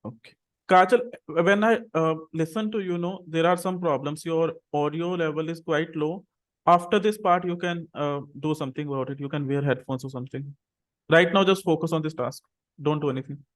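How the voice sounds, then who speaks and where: A man with a slightly raised pitch teaches English to a small online class. He speaks patiently over a video call. He says words slowly and repeats them so his students can copy them.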